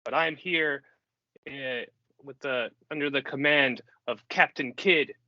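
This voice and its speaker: A man's voice: mid-range voice, a little slow, bright, forceful tone, dry recording, lo-fi sound. A man playing a brash, self-assured male ship captain who struts and blusters. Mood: boastful.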